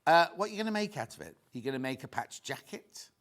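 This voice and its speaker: Chatty, lively-pitched man presenting. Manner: chatty, excitable, quick asides to viewers and crew. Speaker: shopping channel presenter. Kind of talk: live TV selling chat.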